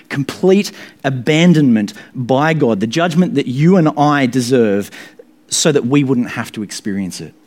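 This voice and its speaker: An earnest male preacher delivering a sermon. His voice sits at a mid pitch and swings up in sudden, forceful rises for emphasis. Between those peaks he drops back to a quieter, steadier delivery.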